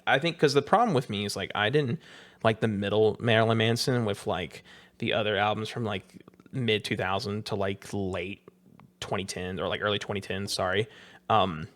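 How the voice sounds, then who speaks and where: Hoarse man clearing his throat. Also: on the low side, a bit bright. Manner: rambling, hesitant with frequent throat clearing. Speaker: podcast co-host. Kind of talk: casual chat.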